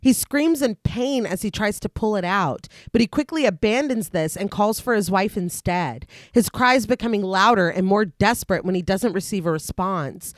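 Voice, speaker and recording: A woman with a mid-range voice co-hosts a podcast, reading through a long, lively recap of a film's plot and chatting casually between bits, laughing often. She speaks at a normal speed with few pauses, and the studio-quality recording has no echo.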